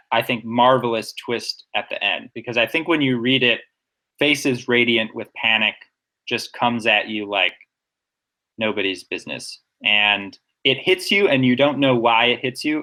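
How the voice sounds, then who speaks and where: A man's voice: medium pitch, bright, forceful tone. A young man co-hosts a casual poetry podcast, walking through a poem's rhythm with eager, nerdy enthusiasm. His talk is explanatory and chatty. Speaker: podcast co-host.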